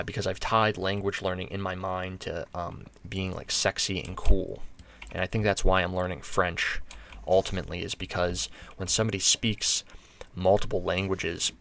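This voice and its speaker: An American man talks his way through a game in a deep voice with a gravelly edge. He rambles and restarts, filling gaps with ums as he thinks aloud. A faint hiss sits under his voice. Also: a bit bright. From United States. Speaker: gaming channel host. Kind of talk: casual gameplay commentary.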